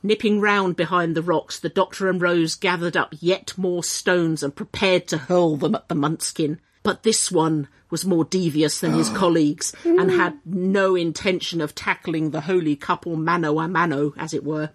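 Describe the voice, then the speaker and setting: Husky lady reading a funny story, lots of ups and downs in her voice, lowish pitch. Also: normal speed, few pauses. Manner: lively, animated reading with playful shifts in pitch.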